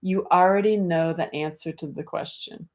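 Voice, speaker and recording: A woman's voice: on the low side, steady tone, normal speed, a little mellow. A middle-aged woman hosting a casual livestream, talking animatedly, swearing freely and reading out viewer comments. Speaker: livestream host.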